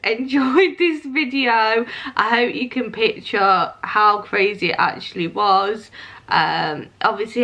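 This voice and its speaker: A woman's voice: fairly high pitch, bright, forceful tone. A young woman telling a personal story to camera in a casual, chatty way, with many "um"s and "like"s. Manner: chatty, lots of "um" and "like". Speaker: vlogger.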